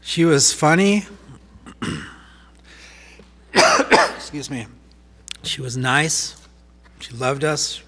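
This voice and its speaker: A man speaking as pastor in a church, sharing memories softly and reflectively, with many fillers. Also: on the high side, expressive, extremely slow, long pauses. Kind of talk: eulogy-style sharing from the pulpit. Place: church sanctuary. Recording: live church stream with music behind. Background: guitar playing.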